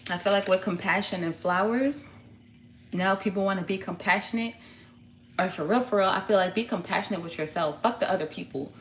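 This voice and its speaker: A woman's voice: fairly low pitch, a little hiss or hum. Blunt, slangy woman reading tarot. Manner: blunt, profane, animated, slangy. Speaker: tarot reader.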